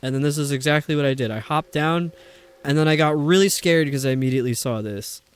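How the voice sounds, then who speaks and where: A man's voice: fairly high pitch, fast, smooth. A young man giving live commentary while playing a video game, rambling, stumbling over his words and laughing often. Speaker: streamer.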